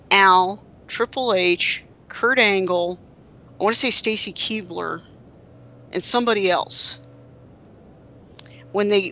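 High-pitched, bright and forceful, a man's voice carries his stories as co-host of a casual podcast. In casual chat, he rambles, corrects himself, and keeps restarting and using fillers.

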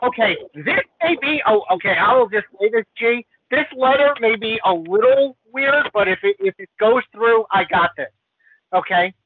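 A man's voice: extremely high pitch, expressive, moderate pace, breathy edge, no room sound. A man reading listener letters on a podcast in a flustered, stammering way. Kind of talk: casual chat and letter reading. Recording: dry, phone-like narrow sound.

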